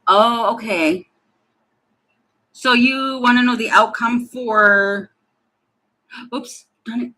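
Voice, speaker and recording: A woman's voice: on the high side, slow, long pauses, sharp tone, rough recording. Chatty woman reading tarot live. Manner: chatty, apologetic, thinking aloud. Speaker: tarot reader.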